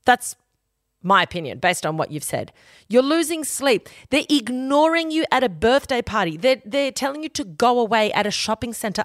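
A woman's voice: on the high side, sing-song, normal speed, no echo, clean studio sound. A young adult woman, hosting a casual advice podcast in a blunt, sweary, emphatic way. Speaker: podcast host giving advice.

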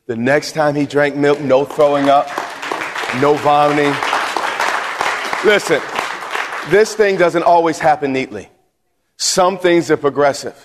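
A man's voice: mid-range voice, moderate pace, long pauses, some chatter behind. A man preaching a sermon from the pulpit, emphatic, repeating himself and putting questions to the congregation. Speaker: pastor. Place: church sanctuary. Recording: long hall reverb.

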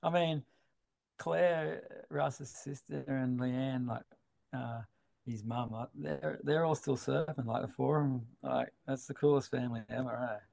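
A man's voice: mid-range voice, steady tone, a little slow, vocal fry, darkish tone. A middle-aged Australian man, a big wave surfer, telling long rambling stories in a casual interview, swearing and laughing freely.

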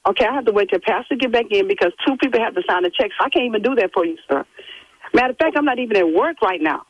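A woman's voice: a little high, expressive, racing, no room sound. A woman from a church who lectures an angry caller over the phone in an indignant, preachy way. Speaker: church member who answers the call. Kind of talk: phone call. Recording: muffled phone line.

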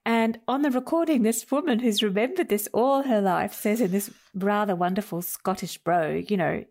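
A woman's voice: medium pitch, normal speed, darkish tone. A woman author telling stories as a guest in an interview, laughing now and then. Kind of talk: relaxed storytelling in conversation.

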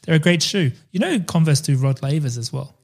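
Male co-host, casual banter, slightly higher voice, cracks jokes. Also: expressive, a little fast, vocal fry, darkish tone. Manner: jokey, swears freely, laughs often. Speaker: podcast co-host. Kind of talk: casual chat.

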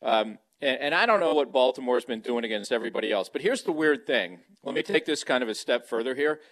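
A man's voice: medium pitch, lively intonation, quick pace, a bit bright. A man talking football as a radio guest from his home, rambling with many restarts, on a handheld microphone. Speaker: guest on sports talk radio. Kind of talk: casual sports talk over a remote mic. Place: at home, beside a kitchen.

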